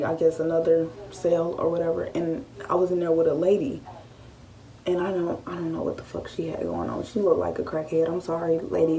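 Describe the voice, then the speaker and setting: A woman in her late teens, telling a story-time vlog in a casual, animated style. She swears freely and often acts out what she was thinking. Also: lowish voice, gravelly, far from the mic. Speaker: vlogger.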